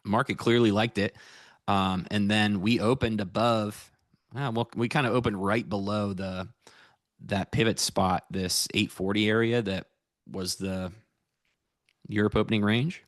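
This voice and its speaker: On a laid-back stream, a futures trader from the United States rambles to viewers about his trades. His voice sits on the low side, steady and unhurried, in a dry, clean studio recording.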